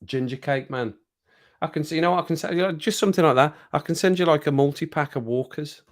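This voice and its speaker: A man's voice: on the high side, fast talker. A man hosting a casual livestream chat, rambling through stories and laughing often. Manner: chatty, rambling storyteller who laughs often. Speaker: livestream host. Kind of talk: casual chat with viewers over a drink.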